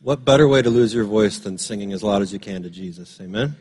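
A man preaching a sermon as pastor in a church sanctuary, telling a story and rising to emphatic peaks before dropping low, his voice a little strained from singing. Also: quick pace, breathy edge. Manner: storytelling, builds up to loud emphatic peaks then drops low. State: slightly strained voice after singing.

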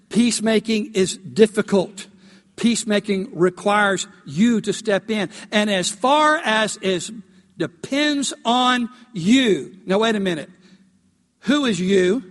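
A male pastor preaching a sermon, emphatic and animated, rising to loud peaks as he tells a story. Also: high-pitched. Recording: long hall reverb.

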